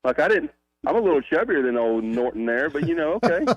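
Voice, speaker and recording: A man's voice: fairly high pitch, sing-song, fast, dry recording, lo-fi sound. A man with a Southern accent calling in to a radio talk show, telling stories and joking with a laugh. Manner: laughs often, joking storyteller. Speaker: caller. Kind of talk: casual radio call-in chat.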